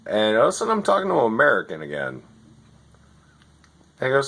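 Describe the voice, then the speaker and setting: A man telling a rant about customer service, exasperated and profane, swinging between loud outbursts and muttering. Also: medium pitch, wildly swooping pitch, quick pace, long pauses. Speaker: vlogger. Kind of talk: ranting storytelling.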